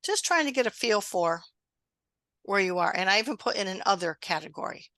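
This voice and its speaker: This middle-aged woman hosts an online exam-prep session with a bright, ringing voice. She sounds close and dry on a video call, chatting and encouraging her listeners. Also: mid-range voice, animated, fairly quick, dry recording. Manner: warm, encouraging, conversational. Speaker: webinar host and exam prep instructor. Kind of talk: live online webinar.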